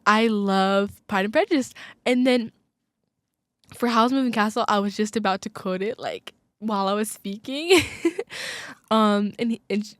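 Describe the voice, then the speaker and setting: Hosting a casual college radio show, a young woman gushes about her favorite things, packing her chat with "like" and quick sudden asides. Her middle-pitched voice is recorded close and dry in a small studio, with no echo.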